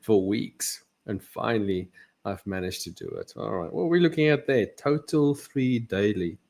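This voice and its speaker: Man, fairly low voice, playful co-host, laughs a lot, casual podcast chat. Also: expressive, normal speed, darkish tone. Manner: jokey, laughs often, asks questions.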